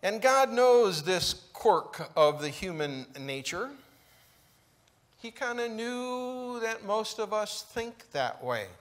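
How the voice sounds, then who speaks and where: A man preaching a sermon in a church, slow and emphatic, with deliberate pauses between phrases. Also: sits high, sing-song. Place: church sanctuary.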